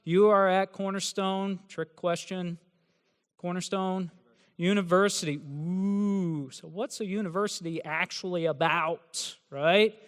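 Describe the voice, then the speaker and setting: A man with a fairly high, resonant voice gives a joking talk to a room of new students. He teases them in a sarcastic way, and his words ring out with the long reverb of a big hall. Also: steady tone, takes it slowly, clean tone. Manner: sarcastic, teasing, joking delivery. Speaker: university professor. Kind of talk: humorous address to new students. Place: large hall with an audience.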